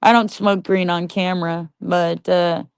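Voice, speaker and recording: A woman's voice: lowish voice, steady tone, measured pace, smooth, no echo, studio quality. A woman livestreaming and chatting casually with viewers, talking bluntly with a lot of swearing and rambling asides. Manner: greets viewers and reads the chat.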